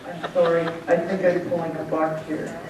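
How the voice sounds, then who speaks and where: A woman's voice: fairly low pitch, level tone, normal speed, noisy background. A woman giving an award acceptance speech, telling a folksy joke and laughing at her own punchlines. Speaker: award recipient giving thanks. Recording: echoey hall, distant mic, dull sound.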